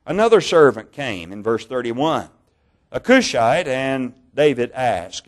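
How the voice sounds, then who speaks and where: A man preaching a sermon, reading Bible passages in a measured way, slowing down on key words and correcting his own slips. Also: medium pitch, big pitch swings. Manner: measured, slow over key words, stumbles on names and corrects himself.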